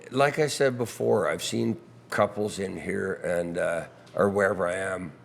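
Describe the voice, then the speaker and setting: A hoarse man with a gravelly voice, a musician guest chatting casually in a pub's back bar, rambling and breaking off his own sentences. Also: sits low, measured pace. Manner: rambling, self-interrupting storyteller. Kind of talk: casual chat.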